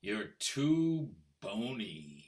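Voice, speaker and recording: A man's voice: lowish voice, big pitch swings, darkish tone, exaggerated voice. An older man acting a scornful husband who coldly taunts his wife, in a stage play performed over a video call. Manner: taunting, mocking, coldly deliberate. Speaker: actor in a play. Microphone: computer mic on a video call.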